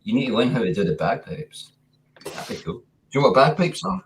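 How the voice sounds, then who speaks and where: A man's voice: medium pitch, big pitch swings, fairly quick, background noise. A man with a Scottish accent chatting casually as a livestream guest, laid-back and swearing freely. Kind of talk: casual chat.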